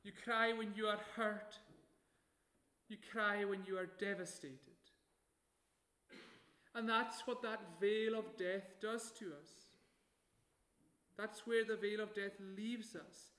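A man preaching a sermon, measured and emphatic, slowing down to stress key phrases. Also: high-pitched, steady tone, pushed and bright, reverberant.

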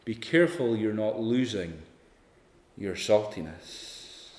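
A man preaching an evening sermon, emphatic, swinging from loud peaks to hushed lines. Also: fairly low pitch, takes it slowly. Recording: echoey hall, long reverb.

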